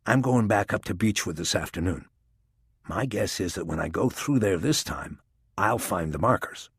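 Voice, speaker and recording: A man voicing a stubborn middle-aged male police detective in an audiobook, speaking flatly and insistently. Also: lowish voice, normal speed, creaky, breathy edge, no echo, studio quality, exaggerated voice.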